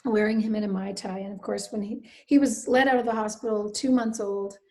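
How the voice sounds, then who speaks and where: Appearing as a guest, a middle-aged woman writer from Nova Scotia, Canada shares a personal story in an earnest, reflective manner with frequent soft asides. She speaks briskly in a mid-range voice with a steady tone.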